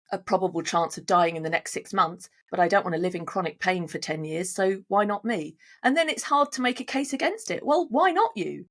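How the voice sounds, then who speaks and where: A woman co-hosting a talk show, making an earnest case with rhetorical questions. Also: fairly low pitch. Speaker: podcast co-host. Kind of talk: casual discussion.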